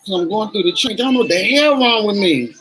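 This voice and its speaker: A woman's voice: mid-range voice, expressive, a little fast, a bit bright, soft background music, rough recording. A woman in her forties, a vlogger chatting candidly and emotionally to her viewers while doing her makeup.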